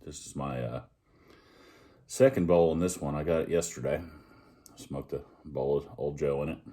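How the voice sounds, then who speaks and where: Man, extremely deep voice, mellow, relaxed rambling review talk. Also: moderate pace. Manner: relaxed, rambling, with many fillers. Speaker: pipe reviewer. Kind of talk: casual video review.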